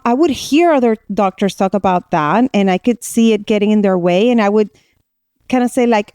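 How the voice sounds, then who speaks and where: A woman's voice: on the high side, normal speed, a little mellow, smooth, no room sound, clean studio sound. A woman psychiatrist from Puerto Rico, co-hosting a podcast and telling personal stories candidly with many restarts. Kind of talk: casual podcast conversation.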